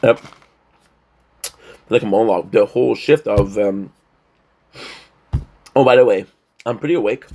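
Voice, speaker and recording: A man's voice: fairly low pitch, moderate pace, long pauses, a little mellow, breathy edge. A man vlogging to camera in a rambling, joking monologue, short on sleep. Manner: rambling, joking, playful asides. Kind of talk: casual vlog monologue to camera.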